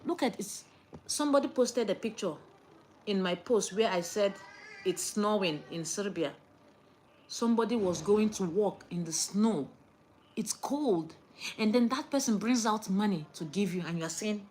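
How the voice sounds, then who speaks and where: A young woman, lecturing viewers in a casual chat to camera and swinging between loud outbursts and hushed asides. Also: mid-range voice, normal speed, a little hiss or hum. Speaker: vlogger.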